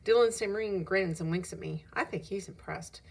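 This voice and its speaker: A woman reading a children's novel aloud in a lively, animated storytelling manner, rising with emphasis at dramatic moments. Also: medium pitch, moderate pace, vocal fry. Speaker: audiobook reader.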